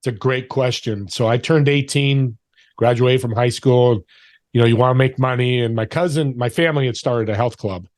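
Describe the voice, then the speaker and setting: A man in his forties or older, a podcast guest telling stories in an animated way and acting out the voices of people he quotes. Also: mid-range voice, normal speed, no room sound. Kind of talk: storytelling interview talk.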